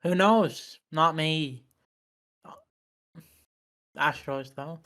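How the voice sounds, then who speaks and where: A man's voice: a little high, drawn-out words, bright, forceful tone. A man co-hosting a podcast in casual chat, joking and teasing playfully. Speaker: podcast co-host.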